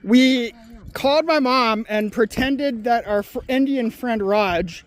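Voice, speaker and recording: A man's voice: very high-pitched, slow. A man chatting casually outdoors, animatedly telling stories about old pranks on his mom. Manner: animated storyteller, laughs at own tales. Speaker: storyteller among siblings. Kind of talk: casual chat while exploring.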